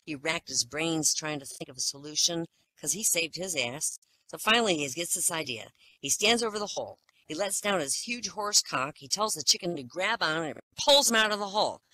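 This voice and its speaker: A man's voice: on the high side, expressive, normal speed, pushed and bright, rough recording. A man telling dirty jokes in a loose, casual storytelling way. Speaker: joke teller.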